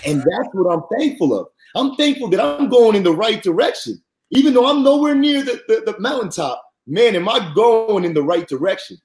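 Speaking at a moderate pace, a podcast guest tells his personal testimony of faith with real earnestness. He becomes animated and his pitch climbs when he quotes other people.

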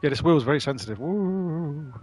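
A man's fairly high voice, at normal speed, carries casual live-stream chatter as he plays a driving game. The gaming streamer jokes around with friends and swears as he goes.

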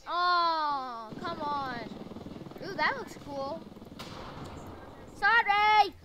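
A woman's voice: high voice, expressive, a little slow, background noise. A woman giving playful, goofy commentary while playing a shooting game, shrieking at the action and muttering to herself in between. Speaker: gameplay commentator.

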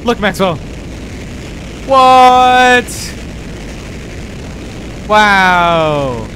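A man doing let's play commentary, giggly and excitable, swearing often and cooing at a pet. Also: sits high, extremely slow, slight background noise. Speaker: gaming YouTuber.

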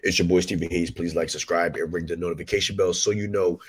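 A man hosting a casual commentary show, sick and having lost his voice, speaking in a forced deep voice and rambling through his opinions. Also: fairly even intonation, fast talker, slightly rough, low-quality recording. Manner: rambling, opinionated, self-correcting. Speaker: host.

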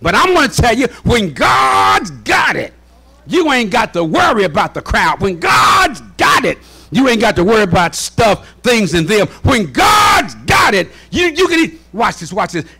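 Shouting, high-voiced man preaching. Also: wildly swooping pitch, unhurried, breathy edge. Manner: shouting, repeats "watch this", folksy call-and-response. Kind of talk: fervent sermon. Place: church sanctuary.

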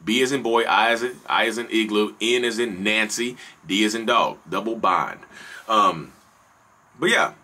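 A man's voice: on the low side, normal speed, bright, forceful tone. A man with a Southern North Carolina accent giving an earnest, conversational to-camera talk, repeating himself and speaking straight to his listeners. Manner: earnest, repetitive, conversational, addresses listeners directly. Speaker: vlogger discussing narcissism. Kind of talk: casual to-camera monologue.

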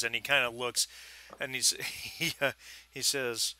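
A man running a tabletop game as game master, narrating in a halting way with many fillers and restarts. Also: medium pitch, little pitch movement, pushed and bright, smooth. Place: home, at a computer.

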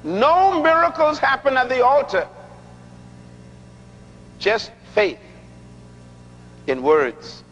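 A man's voice: extremely high pitch, wildly swooping pitch, a bit bright. Middle-aged guy preaching, emphatic, teasing the crowd, big church hall with long echo. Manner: emphatic, repeats key lines slowly for effect; humorous, teasing the audience. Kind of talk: sermon. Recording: dull lo-fi recording with long hall reverb.

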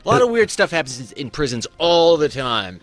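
A man co-hosting a podcast, answering in a calm, measured and skeptical way. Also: a little high, no echo, faint music behind. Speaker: podcast co-host. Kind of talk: casual chat.

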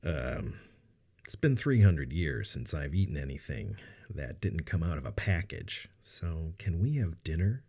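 A man's voice: a bass voice, very animated, a little slow, vocal fry, mellow, breathy edge, heavily acted. A man doing a wry, hungry young survivor.

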